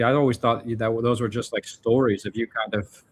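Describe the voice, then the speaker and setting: A man's voice: medium pitch, fairly even intonation, a little fast. A man vlogging, telling personal stories in a rambling, reflective way, full of fillers and restarts. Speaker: vlogger answering viewer questions. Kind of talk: casual storytelling monologue.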